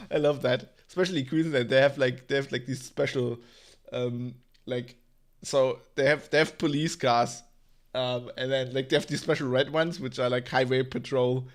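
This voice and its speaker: A man's voice: mid-range voice, fairly even intonation, moderate pace. A man hosting a casual livestream tech news show, rambling with lots of fillers, laughing and swearing.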